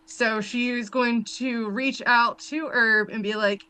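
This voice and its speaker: A woman's voice: on the high side, fairly even intonation, unhurried, pushed and bright, smooth, poor audio. A woman playing a tabletop game, talking hesitantly and giggling between her turns. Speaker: player.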